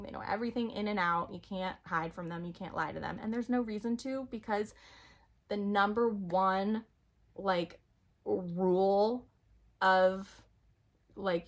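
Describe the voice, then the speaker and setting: A woman vlogging in a casual, rambling monologue about spirituality. She is chatty and animated, and sometimes drops to a near-whisper. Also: medium pitch.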